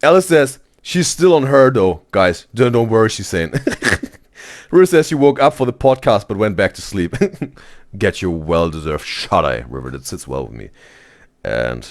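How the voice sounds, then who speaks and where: A man hosting a live stream, reading chat messages aloud in a casual, excitable way and saying "bro" constantly. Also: lowish voice, unhurried. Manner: animated, exclaims "bro" constantly, laughs often.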